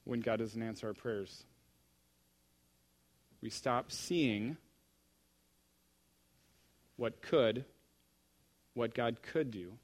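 Male preacher, sermon delivery, animated storyteller moving between hushed and loud. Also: medium pitch, extremely slow, long pauses.

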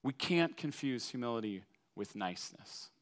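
A man's voice: mid-range voice, animated, normal speed, fairly bright tone. A man from Minnesota giving a conversational sermon to a congregation, using everyday examples. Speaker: preacher.

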